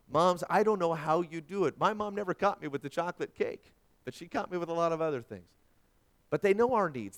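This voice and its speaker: A male pastor preaching a sermon, quoting scripture and swinging from forceful emphasis to hushed tones. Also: high voice, clean tone.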